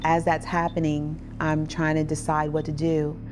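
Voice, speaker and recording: A woman's voice: low voice, completely flat delivery, moderate pace. A woman survivor telling her own story in an interview, vivid and personal, acting out what people said. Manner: vivid storytelling, acts out quoted voices. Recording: music bed underneath.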